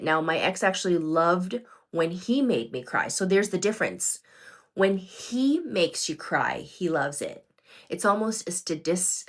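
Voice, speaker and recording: A middle-aged woman hosting a livestream, talking earnestly and directly to her viewers and often checking in with them. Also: low voice. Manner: earnest, addresses viewers directly with frequent "okay?". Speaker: livestream host. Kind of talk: unscripted livestream talk to viewers.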